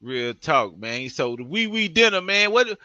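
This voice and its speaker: A man's voice: fairly high pitch, big pitch swings, moderate pace, pushed and bright, no echo. A man hosting a casual interview, laid-back and agreeable with lots of slang. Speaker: interview host. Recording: dull lo-fi audio.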